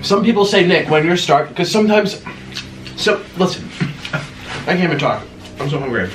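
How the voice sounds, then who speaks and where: A young man hosting an eating vlog, talking casually between bites with excited gasps and murmurs. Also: on the high side, normal speed. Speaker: mukbang host. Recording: echoey room with faint noise.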